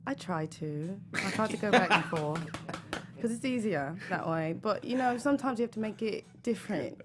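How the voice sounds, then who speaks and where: A woman actress chatting in an interview, lively and animated. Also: medium pitch, normal speed, very noisy. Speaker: actress guest. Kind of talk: casual interview chat.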